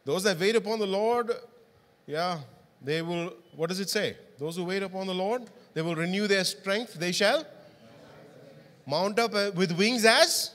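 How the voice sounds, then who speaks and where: A man delivers a sermon in a church, his voice sitting a little high for a man. He keeps turning to the congregation with questions. The sound rings with a long hall reverb. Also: unhurried, a bit bright. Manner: interactive, asks the congregation questions. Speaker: pastor.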